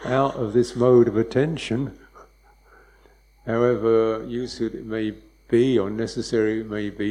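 A man teaching meditation in a loose, conversational dharma talk, wry and quick to laugh, checking in with "yeah?". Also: medium pitch, warm tone, rough recording. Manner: wry, laughs often, mimics hurried speech and beeps.

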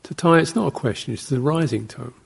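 A monk gives an easygoing dharma talk in a gravelly voice with a husky edge. His delivery wanders from story to story, broken up by quiet chuckles and little voiced reactions. He sits at an average pitch for a man. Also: a little fast. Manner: anecdotal and digressive, with soft laughs and short acted-out exclamations. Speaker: Buddhist monk teaching meditation.

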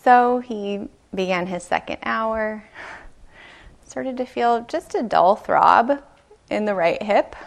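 A woman meditation teacher giving a dharma talk, telling a story slowly and gently, with soft pauses. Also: medium pitch, vocal fry. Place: retreat meditation hall.

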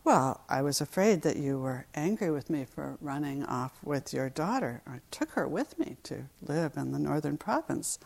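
A woman voicing an anxious young husband pleading for forgiveness in a told folk tale, in her own low voice. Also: expressive, moderate pace, creaky, hardly any pauses, darkish tone, heavily acted. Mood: apologetic.

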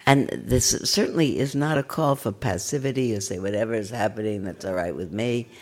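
An older woman giving a gentle, conversational dharma talk as a meditation teacher, with a self-mocking manner. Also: rumbling low, fairly quick. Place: meditation center.

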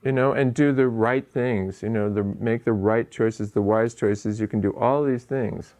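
A man's voice: mid-range voice, steady tone, a little slow, darkish tone. Laughing man giving a dharma talk. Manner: conversational, laughing, with many asides. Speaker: meditation teacher. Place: meditation hall.

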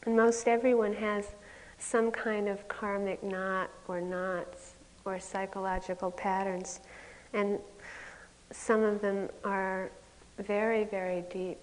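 A woman's voice: medium pitch, level tone, slow pace. A woman meditation teacher giving a candid dharma talk at a retreat, with self-mocking stories that often break into laughter. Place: retreat center meditation hall. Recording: long hall reverb.

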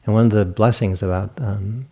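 Low gravelly guy giving a meditation talk, mellow and easygoing, kinda chuckly. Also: moderate pace. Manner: relaxed, reflective storytelling with self-amused laughs. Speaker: meditation teacher. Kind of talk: dharma talk at a retreat. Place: meditation hall.

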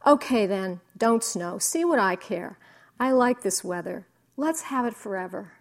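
A woman voicing a grumpy, demanding little boy who shouts and pleads. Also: mid-range voice, lively intonation, measured pace. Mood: sulky.

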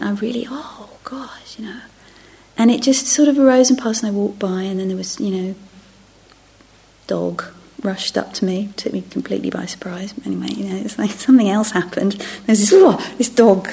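Middle-aged woman giving a dharma talk, soft and half whispered, gravelly and husky, keeps restarting her sentences. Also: medium pitch. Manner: soft and reflective, often dropping to a near-whisper; self-interrupting, restarting phrases. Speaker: meditation teacher. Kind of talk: dharma talk to a retreat group.

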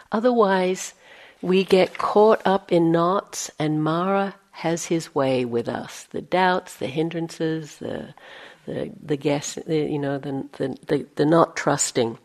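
Speaking slowly in a deep voice, this female meditation teacher delivers a dharma talk in a conversational way. Her inner thoughts come out in a near-whisper, and she pokes fun at herself playfully along the way.

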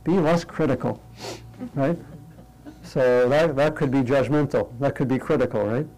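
A man leading a meditation class in an interactive talk, lighthearted and checking in with the group, thinking aloud through pauses and restarts. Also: medium pitch, darkish tone, poor audio. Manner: light, humorous, often checks in with "right?". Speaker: meditation teacher.

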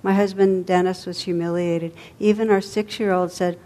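A woman meditation teacher tells a story in a dharma talk. Her voice sits low for a woman, and her delivery is gentle and unhurried. She lets her phrases soften and fall away at the ends. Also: steady tone.

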